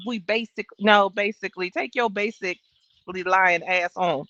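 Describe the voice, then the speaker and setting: A woman's voice: mid-range voice, normal speed, fairly bright tone, dry recording. Blunt, sassy woman streaming trial commentary. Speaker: livestream trial-watch host. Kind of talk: casual live commentary. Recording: dull, dry home stream audio.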